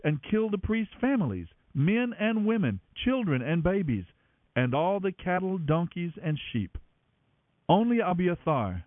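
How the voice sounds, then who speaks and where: A man reads scripture aloud with dramatic expression, his fairly high voice rising and falling in a lively way. The sound is dry and thin, like a narrow radio broadcast. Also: no echo. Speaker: Bible reader.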